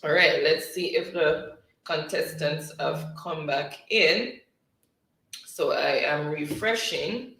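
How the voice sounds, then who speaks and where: A man's voice: fairly high pitch, slow pace, bright, forceful tone. A man hosting a live-stream spelling quiz in a casual, chatty way, reading viewers' comments aloud and laughing often. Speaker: livestream quiz host. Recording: echoey room, distant mic.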